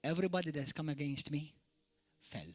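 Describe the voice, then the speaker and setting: A man from Malta preaching a fiery sermon as pastor, swinging from shouted peaks to sudden quiet drops. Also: on the high side, a little fast. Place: church hall.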